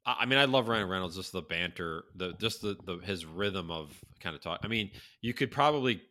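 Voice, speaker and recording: A man co-hosting a casual podcast chat, rambling and swearing, breaking into animated quoted impressions. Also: sits low, brisk. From North Carolina. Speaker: podcast co-host.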